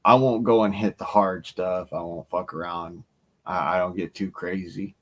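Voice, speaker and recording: A man telling a profane, animated bar story on his stream. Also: sits low, moderate pace. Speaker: stream host. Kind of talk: casual storytelling.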